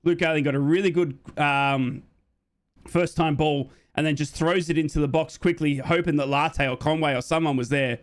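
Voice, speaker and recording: An Australian man in his young adult years calls a football match live, reading and answering viewer chat between plays. His voice sits a little high for a man, and it soars up and speeds along whenever an attack gets exciting. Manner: jumps high and fast when excited. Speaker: fan watchalong commentator.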